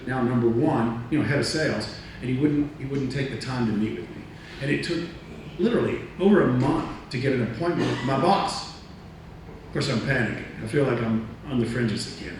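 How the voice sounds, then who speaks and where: Echoey, distant male storyteller. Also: mid-range voice. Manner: lively storyteller who acts out other people's lines and laughs at himself. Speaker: motivational speaker. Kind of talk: storytelling talk to an audience. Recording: echoey room, distant mic, faint noise.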